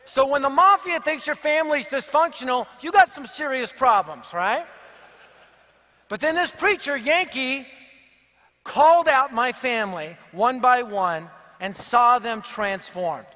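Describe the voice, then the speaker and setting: A high-pitched man delivers a sermon full of jokes and punchy stories. His voice is bright and carries force. It rings out with long reverb in a large hall. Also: unhurried. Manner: energetic, punchy, joking. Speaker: evangelist speaker. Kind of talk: sermon with humorous storytelling.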